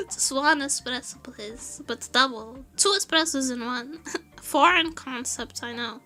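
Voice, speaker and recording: A woman's voice: high-pitched, unhurried, faint music behind. A young woman streamer chatting casually and telling stories, laughing often. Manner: laughs often, animated storytelling. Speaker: vtuber streamer. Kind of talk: casual chat.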